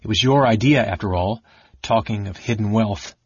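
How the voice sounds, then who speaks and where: A man voicing a burly male warrior who speaks gruffly, sometimes pleading and sometimes shouting, in an audiobook reading. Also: on the low side, normal speed, no room sound. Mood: cool. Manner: gruff, pleading, grows loud. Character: burly male warrior, troubled and quick-tempered. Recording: dull lo-fi audiobook recording.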